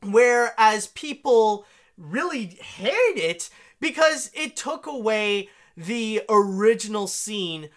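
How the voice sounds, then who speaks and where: A woman hosting an animation news podcast, chatty and animated, with gushing emphasis. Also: fairly high pitch, slow. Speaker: podcast host.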